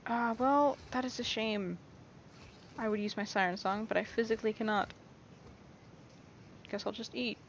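A woman's voice: a little high, steady tone, moderate pace, pauses often. A young woman giving casual, rambling let's-play commentary, playful and often reassuring herself. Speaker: gameplay streamer. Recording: dull lo-fi mic with faint hiss.

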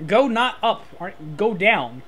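A man with a high, boyish voice giving sarcastic, bossy, swearing commentary while his friend plays a video game. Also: big pitch swings, unhurried, a bit bright, soft background music. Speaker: co-host watching and backseat-directing. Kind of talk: casual gameplay commentary.

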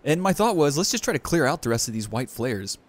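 A young man hosting a let's play, giving excited, enthusiastic gameplay commentary. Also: fast. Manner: enthusiastic, bursts of high excitement.

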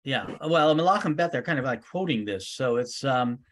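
A rabbi teaching a weekly Torah study class, reading Hebrew verses aloud and translating each one with many ums and uhs. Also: male voice, mid-range voice, animated, a little fast.

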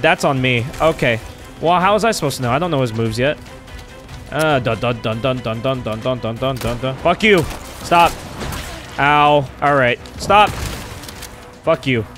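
A man doing excitable gameplay commentary, trash-talking and swearing at enemies. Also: a little high. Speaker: let's play streamer. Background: game music.

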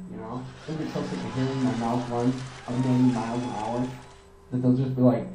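A young man doing a rambling, energetic stand-up style monologue, talking fast and swearing often. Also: medium pitch, echoey room, far from the mic, music in the background, rough recording. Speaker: comedian.

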